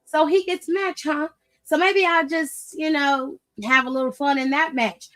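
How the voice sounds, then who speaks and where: A woman's voice: sits high, steady tone, a little slow, a bit bright. A woman voicing a brash young male wrestler with a smug, taunting manner.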